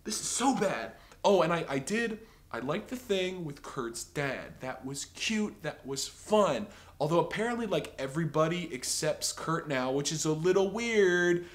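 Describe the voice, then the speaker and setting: A man's voice: fairly high pitch, big pitch swings, a little slow, hardly any pauses. A man giving an opinionated, rambling TV review, exasperated and sarcastic, full of filler words. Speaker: TV episode reviewer.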